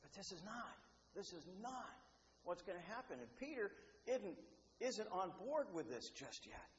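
A man preaching a sermon, animated, acting out the voices he quotes, with repeats and restarts. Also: high-pitched, normal speed. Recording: roomy, dull, faintly noisy hall.

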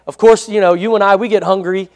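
A man's voice: sits high, steady tone, quick pace. A male pastor preaching a sermon in a conversational way, often asking for an amen. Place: church hall. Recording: long hall reverb.

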